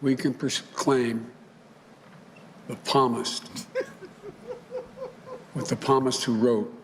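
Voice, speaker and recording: A man making halting press remarks, repeating words as he goes, played from an archive clip. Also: medium pitch, little pitch movement, slight background noise. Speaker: politician.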